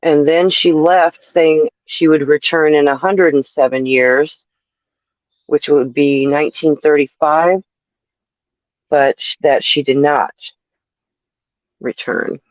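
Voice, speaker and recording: A woman co-hosting a casual conversation, who talks slowly and carefully and often pauses to check details. Her voice comes through a muffled, lo-fi recording. The sound is dry and close. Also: deep voice, steady tone, no echo. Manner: measured, fact-checking, hesitant with fillers. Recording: dull lo-fi sound.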